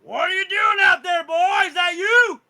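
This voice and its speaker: A man voicing a crippled old male snake-man father who hollers loudly at his son. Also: extremely high pitch, moderate pace, voice pushed up, exaggerated voice. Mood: shouting. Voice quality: loud hollering.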